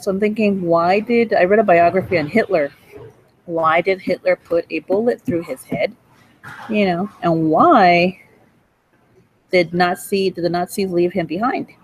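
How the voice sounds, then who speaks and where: A woman's voice: on the low side, a little mellow, poor audio. A woman in her forties delivering a rambling, accusatory monologue, swearing and breaking into laughter, recorded in a hospital cafe. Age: 40s. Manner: rants with bursts of laughter and profanity.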